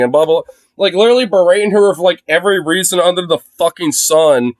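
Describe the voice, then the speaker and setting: A man's voice: sits high, fast talker, no echo. Profane ranting young male streamer. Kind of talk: livestream commentary rant. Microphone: phone.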